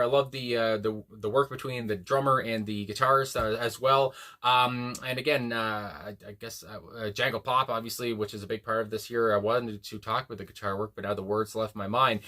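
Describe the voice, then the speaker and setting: Man, bright voice, casual music reaction host, rambling, full of ums and uhs, loose and swears now and then. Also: mid-range voice. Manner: rambling, many fillers and restarts, laughs to himself.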